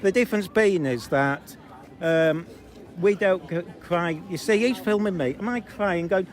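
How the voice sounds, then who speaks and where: A slightly high-voiced man from Zambia argues with protesters on a city street, recorded on a handheld phone. He talks bluntly and mockingly, wanders off track and fills his pauses with ums. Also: lively intonation. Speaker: street filmer. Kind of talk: confrontational street argument.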